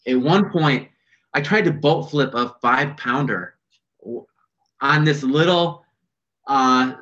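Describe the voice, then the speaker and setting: A man telling fishing stories in a casual podcast chat, animated and full of fillers. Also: mid-range voice. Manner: animated, fast storytelling with fillers. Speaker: podcast guest, bass angler. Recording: dull lo-fi sound.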